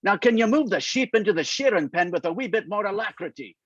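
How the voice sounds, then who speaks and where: Gruff, teasing older man, read by a male author, lively and slightly high, dry sound. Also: quick pace, dry recording, muffled recording. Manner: dry, mocking. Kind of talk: reading aloud from a novel.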